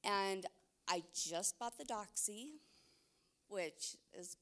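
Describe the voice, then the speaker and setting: A woman's voice: mid-range voice, slow, a bit bright. Chatty woman from Utah in the audience. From Utah, United States. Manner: chatty and grateful, with fillers. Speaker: audience member asking a question. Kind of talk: live Q&A question from the audience.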